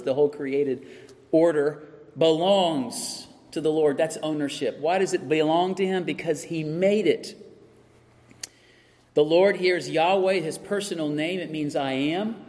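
Male pastor, higher-pitched, emphatic sermon delivery, recorded with long church reverb. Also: a little mellow. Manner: preaching with rising emphasis and repeated phrases.

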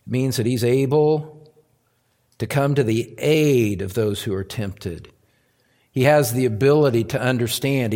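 Slow-talking guy preaching in church, earnest, repeats himself, gets loud on the big words. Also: medium pitch. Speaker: pastor. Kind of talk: sermon.

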